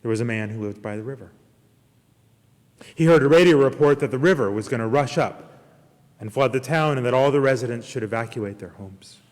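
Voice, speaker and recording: A man preaching a sermon as minister, earnest and emphatic, with slow deliberate pauses. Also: mid-range voice. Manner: earnest preaching, slow emphatic pauses, retells a parable with lively character voices. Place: church service streamed online. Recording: long hall reverb.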